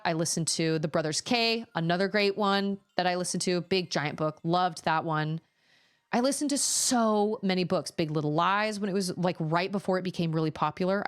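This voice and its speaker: A woman streamer chatting casually and rambling about the books she loves. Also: lowish voice. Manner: chatty, rambling, animated when telling stories. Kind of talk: casual chat.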